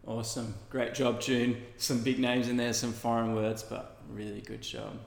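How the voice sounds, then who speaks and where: A man's voice: mid-range voice, level tone, normal speed, creaky. A male pastor preaching a sermon in an earnest, conversational way with casual asides. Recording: echoey hall with long reverb.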